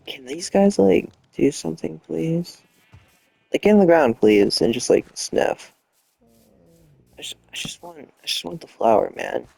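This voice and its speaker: A man's voice: fairly high pitch, very animated, measured pace, gravelly, darkish tone, breathy edge, no room sound. A young man playing a game late at night while lying down, muttering and swearing in frustration with half-whispered outbursts. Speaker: gaming streamer. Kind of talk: casual late-night gameplay commentary.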